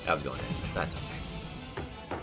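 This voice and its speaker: A young father casually commentating a car game, encouraging and coaching his son as they play. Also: unhurried. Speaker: streamer playing with his son. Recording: music playing under the voice. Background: game music and car sounds.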